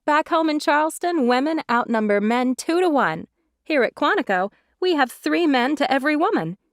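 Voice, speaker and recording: A woman putting on a bubbly young woman full of cheer, pitched well above the narration and eager. the sound is dry and close, like an audiobook booth. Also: lively intonation, moderate pace, no echo. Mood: cheerful.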